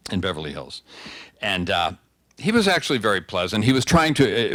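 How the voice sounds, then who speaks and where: An older man telling a long anecdote to an audience in a low, dry, close voice. He chats along easily and often stops to restart a phrase. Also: fairly bright tone, no room sound. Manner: conversational storyteller, frequent restarts. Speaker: guest speaker. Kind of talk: anecdotal talk.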